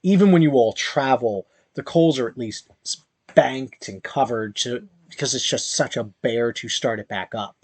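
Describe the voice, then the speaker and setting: A man narrating a tabletop game as game master, in slow, halting speech with fillers. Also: medium pitch, darkish tone, no echo.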